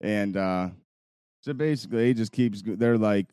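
Low, mellow-voiced young man telling stories. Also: normal speed, clear, resonant tone, no room sound, clean studio sound. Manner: rambling, profane, laughs while telling a story. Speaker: podcast co-host. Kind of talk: casual storytelling chat.

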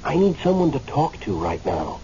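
A man's voice: a little high, big pitch swings, normal speed, dark tone. An actor playing a man who has just died and lingers in limbo, hesitant and stammering at times, then impassioned, in a radio drama. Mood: earnest, agitated. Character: newly dead man, angry, pleading. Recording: muffled radio recording, faint hiss.

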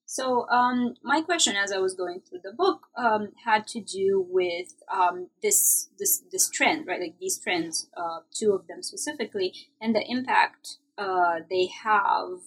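A woman's voice: mid-range voice, a little slow, hardly any pauses, fairly bright tone, husky, low-quality recording. A woman interviewing an author, asking long, winding questions padded with "you know" and other fillers. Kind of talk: academic interview.

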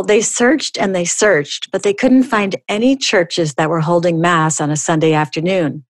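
Low-voiced woman telling a funny story. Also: dry recording. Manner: animated storytelling, bursts higher for dialogue. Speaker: podcast host. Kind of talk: reading stories aloud.

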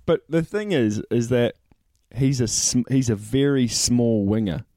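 Kiwi bloke on a rugby pod, mellow voice, bantery, dry sound. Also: male voice, mid-range voice, a little slow, no room sound. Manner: banter, protests loudly when teased. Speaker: podcast co-host. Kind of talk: casual chat.

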